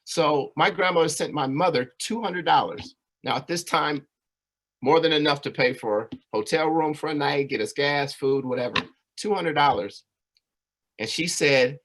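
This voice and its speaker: A man speaks at a community presentation, telling his own life story in an earnest, conversational way. His voice sits at a middle pitch, and he keeps turning to the listeners with little asides. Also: normal speed, fairly bright tone. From California. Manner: earnest, conversational, frequent "right?" and "you know".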